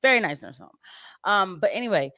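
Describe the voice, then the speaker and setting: A woman hosting a casual political commentary livestream. She talks in an animated, chatty way, laughs often and leaps up in pitch. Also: fast, dry recording, clean studio sound. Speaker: livestream host.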